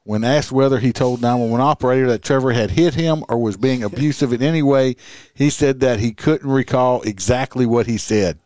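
A man's voice: medium pitch, brisk, darkish tone, no room sound, clean studio sound. A man reading a news story aloud, breaking in with sarcastic, profane commentary.

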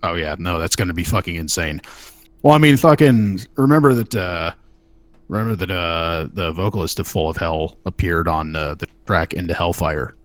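A man's voice: low voice, moderate pace, dry recording. A man co-hosting a podcast in casual chat, loose and profane, often restarting his phrases. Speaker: podcast co-host.

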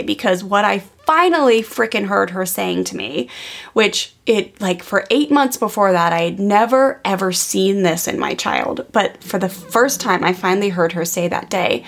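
Woman, 30s, parenting coach; casual and earnest, lots of "like"; vocal fry throughout. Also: medium pitch. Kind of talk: personal storytelling.

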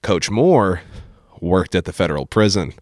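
A young man, a podcast guest and former teacher, telling animated stories and acting out what others said. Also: sits low, normal speed, no room sound, studio quality. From Appalachian Kentucky. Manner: animated storyteller who acts out quotes, says dude a lot. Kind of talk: casual storytelling chat.

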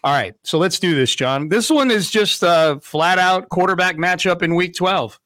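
A man's voice: high-pitched, moderate pace, a bit bright, no room sound. Chatty male sports radio host. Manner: conversational, many fillers and restarts. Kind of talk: casual sports talk.

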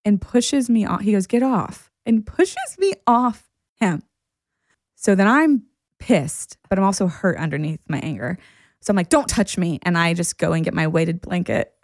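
A woman hosting a podcast, telling a personal story in a casual, animated way and laughing often as she goes. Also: fairly low pitch, normal speed, no echo, clean studio sound. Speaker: podcast host and therapist.

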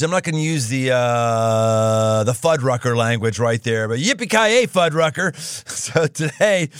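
A man's voice: fairly high pitch, dry recording, studio quality. Exuberant American man hosting a podcast. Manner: exuberant, jokey, emphatic. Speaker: podcast host. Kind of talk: casual interview.

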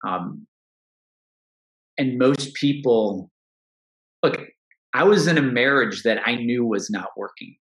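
A man's voice: mid-range voice, animated, slow pace, pauses often, fairly bright tone. A middle-aged man, a coach, talking earnestly and reflectively in an interview, often restarting his sentences. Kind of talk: interview conversation. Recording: roomy echo.

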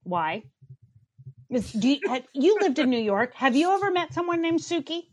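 A woman's voice: sits high, animated, moderate pace, no room sound. A woman co-hosting a podcast, giving blunt, profane, opinionated reviews in casual chat and ranting with bursts of laughter. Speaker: podcast co-host.

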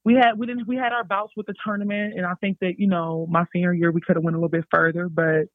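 Young woman, animated storyteller, casual chat, dry close sound, thin phone-like audio. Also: fairly low pitch, fast, dry recording. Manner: animated, chatty, addresses listeners as y'all. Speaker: podcast guest, basketball player.

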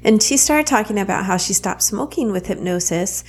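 A woman's voice: mid-range voice, expressive, moderate pace, creaky, slightly rough. A woman with a Southern US accent hosting a podcast, talking in a chatty way and laughing easily. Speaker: podcast host. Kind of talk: casual podcast interview.

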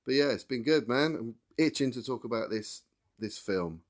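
Laid-back male podcast guest, lively voice. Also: medium pitch, moderate pace. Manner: laid-back, easygoing, laughs a lot. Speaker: podcast guest, bass player. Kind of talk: casual podcast chat.

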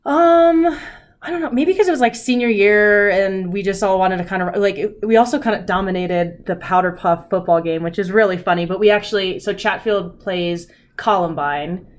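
A woman's voice: mid-range voice, normal speed. A woman in her thirties from Colorado, a guest on a casual podcast, chatting freely with lots of fillers and easy laughter. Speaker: podcast guest, former rugby player. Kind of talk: casual conversational interview.

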